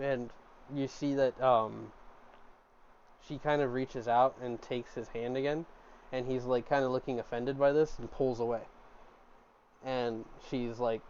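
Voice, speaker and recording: A man's voice: mid-range voice, steady tone, unhurried, a little mellow, slight background noise. A man narrating a tabletop game as game master, in a loose, filler-heavy storytelling way. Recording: dull lo-fi recording.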